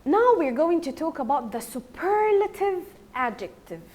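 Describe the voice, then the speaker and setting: A woman with an Egyptian accent teaching a primary school English grammar lesson, slowly repeating word forms so children can follow. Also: high voice, very animated, darkish tone. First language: Arabic. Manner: slow, repeats words for drilling.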